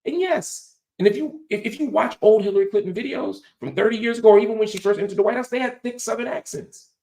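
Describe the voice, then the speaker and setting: A man's voice: high voice, fast talker, gravelly, a little mellow, roomy sound. A man hosting a political commentary show, teaching in an emphatic, preacher-like cadence. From United States. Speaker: host.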